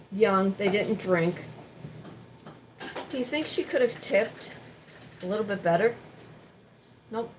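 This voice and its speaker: A chatty woman talks casually as she cooks in a home kitchen, sharing stories and venting. Her voice sits at an ordinary middle pitch. A faint hum of room noise is heard behind her. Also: lively intonation, takes it slowly, long pauses, poor audio. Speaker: vlogger. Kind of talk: casual chat while cooking.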